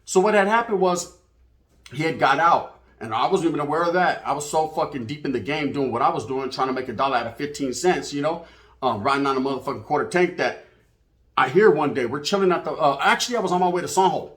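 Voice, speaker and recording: A man's voice: on the high side, quick pace, a bit bright. A man telling a street story in casual, profane slang, dropping in Spanish words. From California.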